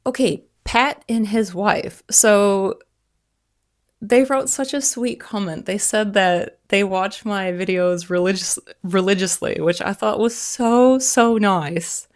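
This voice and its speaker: A woman's voice: medium pitch, takes it slowly, no echo, clean studio sound. An American woman around forty hosting a casual vlog outdoors by the sea, talking in a playful, self-mocking way. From United States. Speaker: vlogger host.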